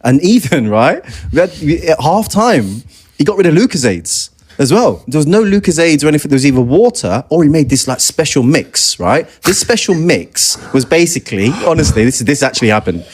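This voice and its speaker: A man, a former footballer turned pundit, telling a funny story in relaxed, conversational podcast talk, laughing and full of fillers. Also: on the high side, a little fast, husky. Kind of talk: casual anecdote on a podcast.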